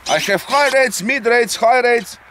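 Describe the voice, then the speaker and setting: A man with a high voice and a delivery walks through his remote-control plane's settings outdoors. He ends many of his sentences with a questioning "eh?". Faint outdoor ambience sits behind him. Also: a little slow, pushed and bright, a little hiss or hum. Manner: explains step by step, tags sentences with "eh?". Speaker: RC pilot and channel host. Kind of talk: casual outdoor demonstration. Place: outdoors in a grassy field.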